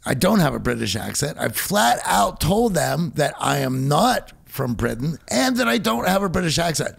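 Man, American accent, gravelly fry, husky, slightly higher-pitched, stammering co-host. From Pittsburgh, USA. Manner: restarts, stammers, rising emphasis. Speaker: podcast co-host. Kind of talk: casual podcast conversation.

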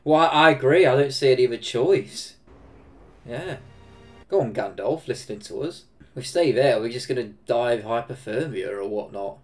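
Man, English Midlands accent, lively swinging pitch, casual reaction chatter, swears and laughs. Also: normal speed, faint music behind. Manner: excitable, swears a lot, laughs often. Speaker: reaction video host.

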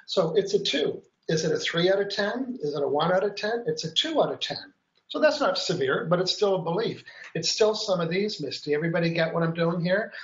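A man's voice: high voice, fairly bright tone, echoey room, dull audio. A man hosting a live stream, chatty and upbeat, explaining each step and counting aloud as he demonstrates. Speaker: host.

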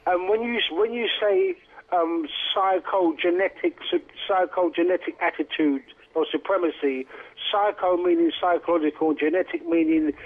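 A high-pitched man talks over a tinny phone line into a radio show. He rambles emphatically, stumbling and restarting as he builds his points. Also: expressive, moderate pace. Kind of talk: talk radio discussion.

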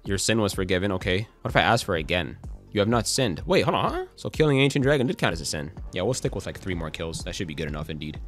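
Deep-voiced excitable young gamer man. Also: quick pace, soft background music. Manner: excitable, swearing, jokey, quotes song lines and memes. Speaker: gaming YouTuber. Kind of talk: casual gameplay commentary.

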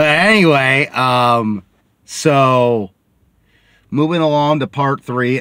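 A man's voice: medium pitch, bright, forceful tone, dry recording. A man hosting a sports podcast, rambling casually in a chatty vlog while sitting in a car. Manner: rambling and chatty, many fillers.

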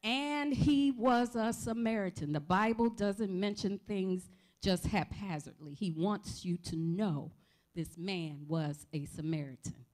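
Lively woman preacher, call and response. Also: medium pitch. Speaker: pastor. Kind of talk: sermon. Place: church sanctuary.

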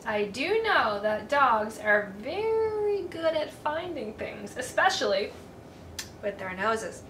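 A woman voicing a wise, calm owl in a lowered, soft, hushed voice. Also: slow pace, recorded from a distance, a little hiss or hum, heavily acted. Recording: echoey room, voice from off-mic.

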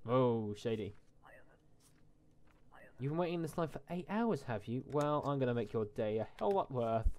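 A man's voice: medium pitch, animated, moderate pace, pauses often, darkish tone. A man hosting a casual let's-play, reading game text aloud and adding mock asides in a jokey tone. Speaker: gaming channel host.

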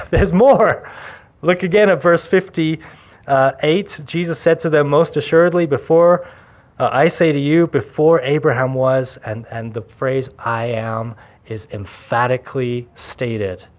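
A man preaching a verse-by-verse sermon as pastor, emphatic and animated, often lifting his voice on key words and laughing lightly between points. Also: fairly high pitch. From Canada. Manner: emphatic, with bursts of laughter and rising stresses.

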